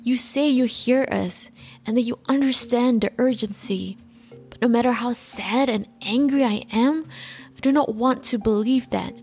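Woman impersonating a trembling teen girl activist, loud impassioned scolding. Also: on the high side, moderate pace, soft background music, voice pushed up, natural voice. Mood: outraged. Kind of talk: dramatic speech impression.

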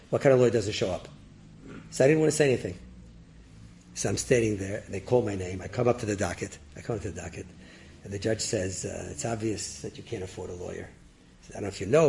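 Gravelly man telling a lively story. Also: lowish voice, a little hiss or hum. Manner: lively, acts out characters with rising excited voices and laughs. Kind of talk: animated oral storytelling.

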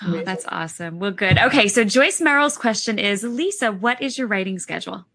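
A woman's voice: medium pitch, expressive, fairly quick, fairly bright tone. A woman co-hosting a casual chat, reading viewer questions and comments with some fillers and restarts. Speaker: co-host.

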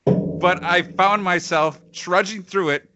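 A man's voice: high voice, steady tone, takes it slowly, bright, forceful tone, dull audio, soft background music. A man in casual chat, co-hosting and reviewing films, sardonic and often laughing between phrases. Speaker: podcast co-host reviewing films.

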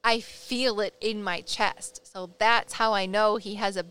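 A woman's voice: medium pitch, a little slow, smooth. A woman with a Midwestern accent, a psychic medium co-hosting a casual podcast, telling stories animatedly and laughing often. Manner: animated storyteller, acts out quotes, laughs often.

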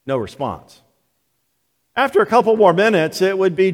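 An older man preaching a sermon as pastor, telling the story slowly and deliberately. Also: sits high, sing-song. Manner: slow, deliberate storytelling delivery. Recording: long hall reverb of a church.

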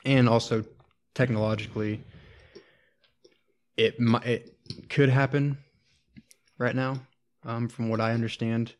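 A young man explaining his paper in a measured way, with frequent "you know" and "um" fillers. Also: medium pitch, flat delivery. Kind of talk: casual explaining.

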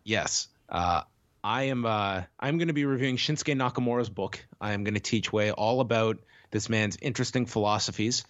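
A man co-hosting a casual chat podcast while sick, talking in a measured, thoughtful way. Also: medium pitch, dry recording, dull audio. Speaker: podcast co-host.

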